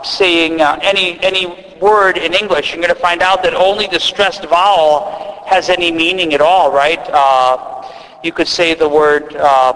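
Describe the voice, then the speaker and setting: A man's voice: fairly high pitch, fairly bright tone, long reverb tail, poor audio. A man with an Upper Midwest accent preaching a sermon as a priest, in a conversational way with restarts and asides. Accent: Upper Midwest American. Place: church.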